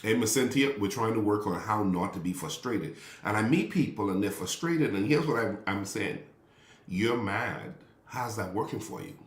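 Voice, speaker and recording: A man preaching in a loose, conversational way, repeating his phrases and calling out to people in the pews. His voice sits low, and the sound carries a roomy echo from the church hall. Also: big pitch swings, normal speed. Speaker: pastor. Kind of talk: sermon. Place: church sanctuary. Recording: echoey room.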